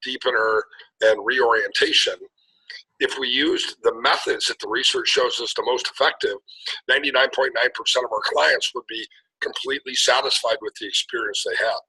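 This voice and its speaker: A middle-aged man who talks with a sharp, forceful brightness. His voice is husky. He tells his story fluently, circling back with restarts now and then. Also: mid-range voice, fairly even intonation, moderate pace, rough recording. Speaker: guest hypnotherapist. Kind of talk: casual interview on a call.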